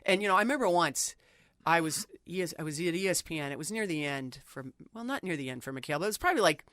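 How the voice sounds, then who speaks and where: A middle-aged woman sportswriter, an animated storyteller, talking casually as an interview guest. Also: on the low side, no room sound, studio quality. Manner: animated storyteller, quick and talkative.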